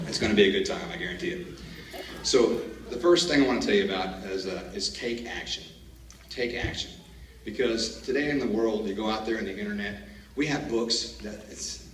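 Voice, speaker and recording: A man's voice: lowish voice, slight background noise. Folksy man speaking at a graduation. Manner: folksy storyteller, jokes and laughs at his own stories. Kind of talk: commencement speech. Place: large hall. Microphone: far camera. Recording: echoey hall, distant camera.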